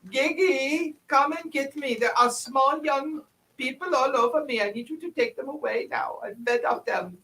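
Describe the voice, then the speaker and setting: A man's voice: very high-pitched, moderate pace, bright, forceful tone, voice pushed up, exaggerated voice, rough recording. A man putting on a pompous old male vampire warrior, making imperious demands.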